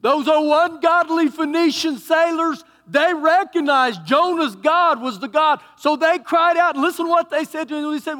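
A Texan man preaching a sermon as pastor, swinging between loud emphatic bursts and quieter asides. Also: very high voice, moderate pace, few pauses, in a large hall. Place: church sanctuary.

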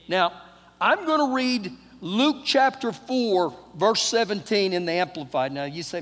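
A middle-aged man with a Texan accent preaching a sermon, telling a personal story in a folksy way, acting out dialogue, his voice swinging between loud and hushed. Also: high-pitched, lively intonation, unhurried. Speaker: pastor. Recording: long hall reverb.

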